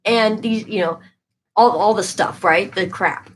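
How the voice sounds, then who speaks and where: A woman's voice: mid-range voice, unhurried, slight background noise, poor audio. Chatty woman reading tarot live. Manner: chatty, emphatic, reacts to viewer comments. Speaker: tarot reader streaming live.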